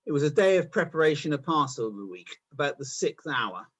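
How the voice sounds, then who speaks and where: Brief: man, scripture reader, husky, fairly high, animated. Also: brisk. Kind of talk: Bible reading.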